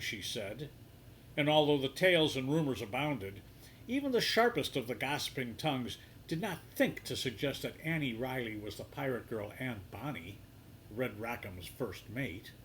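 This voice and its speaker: A man reading a story aloud in a measured, hushed storybook style, softening his voice for the quoted lines. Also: mid-range voice, a little hiss or hum, rough recording.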